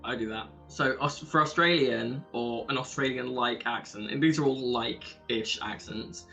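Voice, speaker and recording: A man casually chatting on a podcast, animated, laughing often and trying out accents. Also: mid-range voice, normal speed, creaky, soft background music, low-quality recording. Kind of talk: casual chat.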